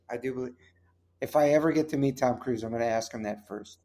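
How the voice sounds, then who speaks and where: A man's voice: medium pitch, fast talker, a little mellow. A man, a comedian and actor, guesting on a chatty podcast and telling rambling, casual anecdotes. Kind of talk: casual chat.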